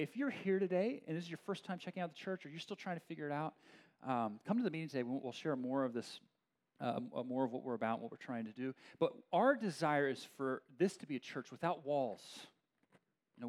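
A middle-aged man preaching a sermon to his church in a conversational, animated way, with many fillers and restarts. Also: mid-range voice. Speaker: pastor. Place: church meeting room with a live audience.

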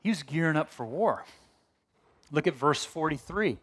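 A middle-aged man preaching from the pulpit in an easy, conversational way. His voice sits a little high and rises and falls with real energy. He breaks off for quick asides and restarts before carrying on. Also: expressive, a bit bright, breathy edge. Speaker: pastor. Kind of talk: sermon.

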